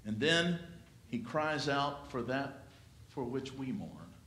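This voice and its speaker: A pastor preaching a sermon in a church, with a slow, dramatic delivery that swells and then drops to a hush. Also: male voice, medium pitch, sing-song, a little hiss or hum. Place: church sanctuary. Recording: echoey church room.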